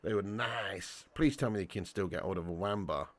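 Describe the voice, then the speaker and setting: A man hosting a live football watch-along, giving commentary and reading out chat in an excitable, slangy way with indignant outbursts. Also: low voice, normal speed. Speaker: match watch-along host.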